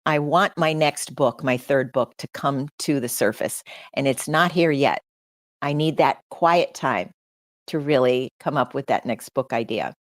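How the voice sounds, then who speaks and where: A woman's voice: low voice, no room sound, studio quality. A middle-aged woman hosting a livestream, speaking earnestly and personally to her audience. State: choked up with emotion. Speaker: podcast host.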